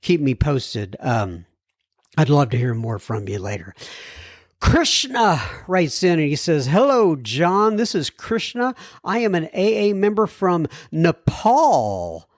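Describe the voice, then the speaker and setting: A man's voice: fairly high pitch, very animated, takes it slowly, dry recording, studio quality. A man hosting a podcast, reading out listener letters with chatty asides and stumbling over hard words. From United States. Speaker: podcast host. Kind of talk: reading listener messages aloud.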